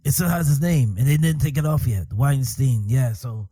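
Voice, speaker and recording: A man co-hosting a casual podcast chat, chiming in often with agreement and quick reactions. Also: mid-range voice, lively intonation, dark tone, slightly rough, dry recording. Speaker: podcast co-host.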